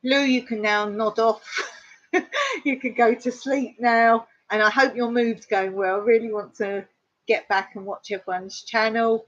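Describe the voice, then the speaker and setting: An Englishwoman chats through a casual live stream, laughing often and imitating other people's pronunciation. Her voice sits a little high. The sound is dull and lo-fi. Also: steady tone, a little slow. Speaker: livestream host. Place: home in rural Cyprus.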